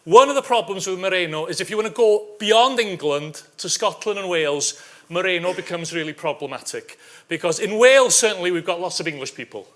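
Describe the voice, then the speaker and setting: Man, academic conference talk, high pitch, bright voice, wry asides, keeps asking "okay?". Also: animated, fairly quick. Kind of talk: conference talk presenting survey data.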